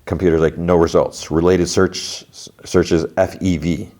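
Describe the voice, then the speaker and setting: A male podcast host recapping a TV episode in casual, rambling chat. His voice sits very low. He leans on fillers and slips into the characters' lines as he tells the story. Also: little pitch movement, unhurried, a little mellow. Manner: chatty, full of "like" fillers, acts out dialogue.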